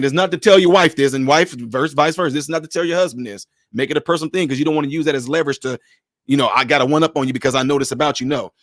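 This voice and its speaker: Animated man telling relationship stories in casual talk. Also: a little high, no echo, clean studio sound. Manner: animated storyteller, acts out dialogue in other voices. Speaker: podcast panelist giving relationship advice.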